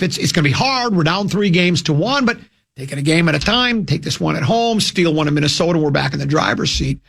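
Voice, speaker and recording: A man's voice: on the high side, lively intonation, fairly quick, vocal fry, a bit bright. A man hosting a sports radio show, talking casually and rambling with restarts and dry self-mocking asides, from a studio microphone.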